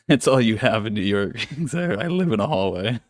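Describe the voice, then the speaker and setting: A man's voice: medium pitch, expressive, measured pace, no echo, clean studio sound. A man hosting a live trading stream from his home office, chatting casually with viewers, swearing freely, laughing often and teasing the chat.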